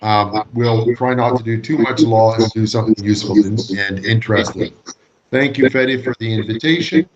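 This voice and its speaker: A man's voice: on the low side, steady tone, normal speed, highs cut off, crowd noise. A man with a Canadian accent giving a joking, easygoing guest lecture over a video call. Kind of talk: casual remote lecture.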